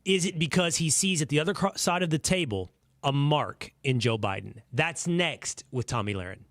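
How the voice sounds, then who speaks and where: A man's voice: on the high side, moderate pace, dry recording, clean studio sound. A man hosting a podcast, chatting with a guest and building up the next segment. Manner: lively, laughing, hype-building host. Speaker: podcast host. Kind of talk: casual interview chat.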